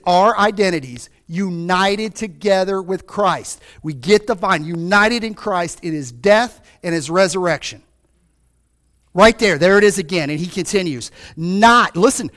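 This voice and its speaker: A male pastor preaching a sermon to his congregation, calling out to them, swinging between loud, fired-up lines and quiet, hushed ones. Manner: fervent, rises and drops sharply in pitch and volume; calls out to the congregation.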